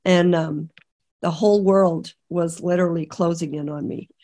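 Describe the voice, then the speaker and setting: A middle-aged woman from Canada, a podcast guest, telling an emotional personal testimony in a halting way with many restarts. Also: fairly low pitch, fairly even intonation, mellow. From British Columbia, Canada. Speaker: interview guest.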